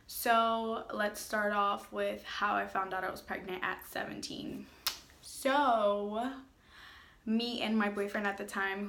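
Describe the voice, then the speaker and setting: A woman's voice: medium pitch, pushed and bright, echoey room. A young adult woman chatting casually in a storytime vlog, full of filler words and "like". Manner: chatty, filler-heavy, lots of "like". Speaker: family vlogger.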